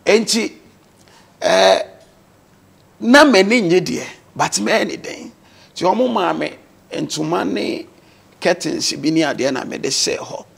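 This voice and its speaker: Gravelly Ghanaian man telling his story. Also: high voice, big pitch swings, takes it slowly, long pauses, a bit bright. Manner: earnest storytelling, mixing English words into his speech. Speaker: talk show guest. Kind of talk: telling his life story in a talk show.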